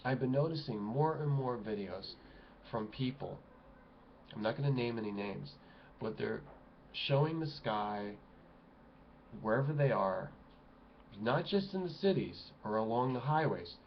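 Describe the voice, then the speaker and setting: Fired-up male vlogger, exclamatory outbursts and low muttering, dull home recording. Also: expressive, unhurried, vocal fry, long pauses, slight background noise. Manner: agitated, exclamatory, swings between loud outbursts and low mutters. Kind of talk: impassioned ranting monologue. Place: home room at a computer desk.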